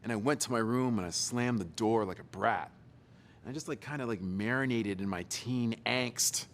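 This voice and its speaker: A man's voice: lowish voice, normal speed, a little hiss or hum. A young adult man giving a storytelling keynote talk, playful and teasing his audience. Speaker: motivational speaker.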